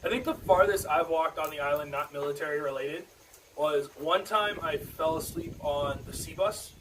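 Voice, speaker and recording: A man's voice: on the high side, moderate pace, fairly bright tone. Profane storytelling man, distant mic. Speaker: podcast co-host. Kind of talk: casual podcast chat. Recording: distant mic with faint noise.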